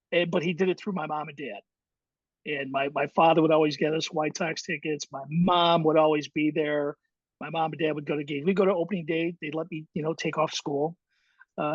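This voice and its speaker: A man's voice: on the high side, husky, dry recording. Middle-aged guy telling stories, lots of ums and restarts, kinda muffled dry recording. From Chicago, USA. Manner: warm, reflective, many fillers and restarts. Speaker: guest, high school baseball coach. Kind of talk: casual interview storytelling.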